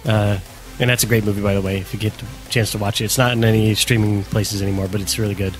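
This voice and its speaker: A man's voice: fairly low pitch, level tone, fast talker, faint music behind. A young man from New York State hosting a casual podcast, earnestly and enthusiastically recommending movies. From New York State, outside the city. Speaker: podcast host. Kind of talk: casual chat.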